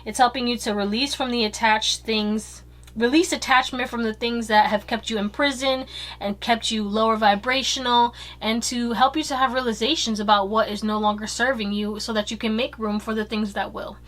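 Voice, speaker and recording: A woman's voice: fairly high pitch, steady tone, moderate pace, a bit bright. A woman giving a casual pick-a-card tarot reading, chatty and blunt, swearing freely and giggling.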